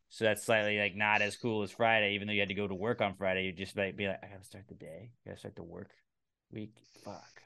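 A man's voice: mid-range voice, a bit bright, clear, resonant tone. A man hosting a casual comedy podcast, talking in a loose, rambling way and swearing now and then. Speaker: podcast host.

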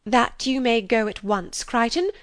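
A woman's voice: on the high side, a little slow, no room sound, clean studio sound, close to an everyday voice. A woman playing a haughty aristocratic eldest daughter in an amateur drama reading.

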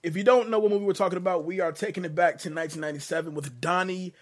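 A man hosting a movie podcast in easy, casual chat. His voice sits a little high for a man, and his delivery is relaxed and laid-back. He laughs easily and swears offhandedly. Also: rapid-fire. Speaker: podcast host.

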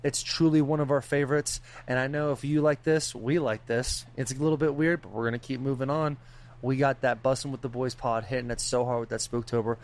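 A young man co-hosting a podcast, talking in loud, hyped, rambling and jokey banter. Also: medium pitch, steady tone, fairly quick. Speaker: podcast co-host.

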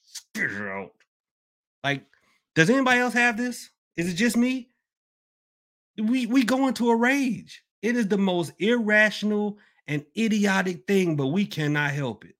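A man hosting a casual podcast Q&A, rambling and animated, swinging between loud outbursts and low mutters. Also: moderate pace. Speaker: podcast host. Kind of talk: casual live Q&A chat.

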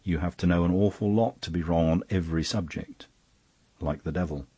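A mild storybook priest, sober and earnest as he reasons things through, as a male reader puts him on. His voice is deep and slightly husky. It is recorded close and dry. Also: brisk, mellow, no room sound. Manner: sober and reflective, puzzling things out.

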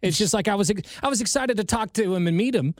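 A man's voice: high voice, animated, fast, no echo, studio quality. A man hosting a morning radio show, chatting casually and ranting bluntly.

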